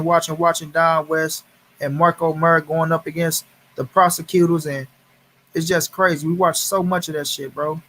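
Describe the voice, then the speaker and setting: Man, livestream host, angry, profane, repetitive, slightly higher voice. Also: a bit bright, a little hiss or hum. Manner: heated, profane, repeats phrases for emphasis; greets viewers in chat by name. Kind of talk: angry casual livestream commentary.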